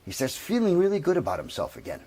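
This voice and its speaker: A man telling a long comic story in a lively, drawn-out way. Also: a little high. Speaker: comedian.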